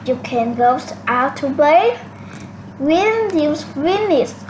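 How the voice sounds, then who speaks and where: Woman learner, high voice, slow careful repeats over steady background noise. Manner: slow, halting, repeats phrases with slips. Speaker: English learner. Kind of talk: shadowing practice, repeating cartoon lines. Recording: noisy home recording.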